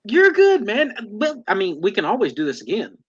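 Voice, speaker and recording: A man's voice: high-pitched, wildly swooping pitch, normal speed, fairly bright tone, breathy edge. A man hosting a casual chat, laid-back and self-deprecating. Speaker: podcast host. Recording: dull lo-fi audio.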